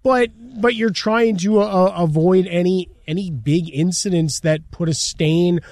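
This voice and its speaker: Man, sports talk co-host, fairly high voice, dry sound, chatty with fillers. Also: unhurried, darkish tone, dry recording. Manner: chatty, many fillers and rhetorical asides. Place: studio.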